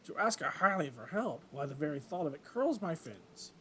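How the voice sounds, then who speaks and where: A man voicing a stern, elderly male fish-folk advisor, croaky and scolding. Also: on the high side, big pitch swings, moderate pace, a bit bright, a little hiss or hum, low-quality recording. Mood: indignant. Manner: indignant, scolding.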